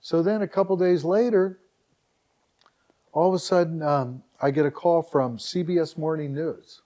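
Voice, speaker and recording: A man's voice: on the high side, normal speed. A middle-aged man from Northeast Ohio, a podcast guest in a casual interview, telling a story with animation and acting out what other people said. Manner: animated anecdote teller who acts out dialogue and keeps repeating "all of a sudden". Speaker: podcast guest, website founder.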